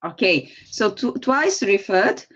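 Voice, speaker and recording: A woman with a Serbian accent runs an online English lesson at an even, mid pitch. She explains grammar patiently, step by step, and encourages each student. The sound is dull and muffled, like a video call. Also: slow pace. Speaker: English teacher. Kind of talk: online class teaching.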